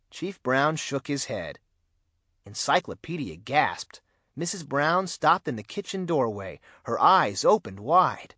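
Animated male audiobook narrator. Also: fairly low pitch, a little slow, no echo. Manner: expressive, animated reading. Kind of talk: scripted storybook narration.

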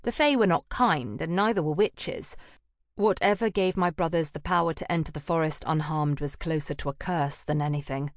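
A woman narrating a first-person fantasy audiobook in an even, measured, subdued manner. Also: sits low, no room sound, studio quality.

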